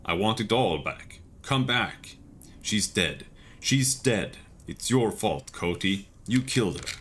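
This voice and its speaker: A man's voice: on the low side, lively intonation, slow pace, a bit bright, a little hiss or hum. A man reading aloud the lines of a grief-stricken young man who is pleading and sobbing as he relives his sister's death. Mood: remorseful. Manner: sobbing, pleading, rising to cries.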